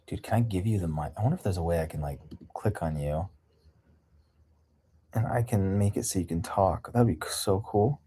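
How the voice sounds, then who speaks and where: Man, livestream host; low, husky, dark voice; candid, rambling chat. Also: normal speed, long pauses. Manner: candid, rambling, laughs often.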